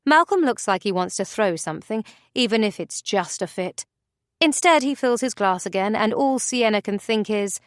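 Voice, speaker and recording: A woman narrating an audiobook in an expressive, measured way. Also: mid-range voice, no echo, clean studio sound.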